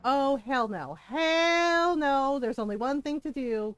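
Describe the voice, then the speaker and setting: A woman gaming streamer giving animated, laughing commentary and swearing freely. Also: sits high, slow pace.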